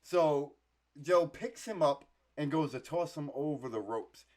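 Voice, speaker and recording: A man co-hosting a podcast, telling stories in an animated way, swearing freely and laughing often. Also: a little high, measured pace. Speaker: podcast co-host. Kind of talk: casual podcast chat.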